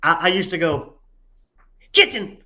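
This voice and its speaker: A man with a Southern drawl, a referee guest telling stories in an interview, halting with many filler sounds and a folksy, self-deprecating manner. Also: mid-range voice, a bit bright. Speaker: head tournament referee, guest. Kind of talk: casual interview storytelling.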